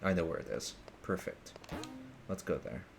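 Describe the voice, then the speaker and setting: A very deep-voiced man streams a game live, tossing out joking, profane asides. Game music runs loud under his voice. The talk is loose and offhand. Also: lively intonation, moderate pace, gravelly. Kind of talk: live gameplay commentary.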